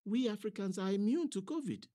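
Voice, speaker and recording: A man's voice: sits high, lively intonation, a little fast, warm tone, pitched above the performer's own voice. A man voicing his stubborn wife, speaking in an insistent, emphatic way in a monologue.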